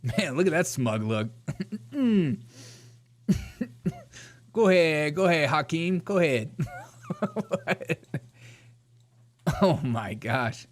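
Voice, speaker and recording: A man from Georgia hosts a reaction commentary, mocking and laughing at news clips. His voice swings widely in pitch, and he keeps talking while out walking a mile. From Georgia, USA. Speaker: host.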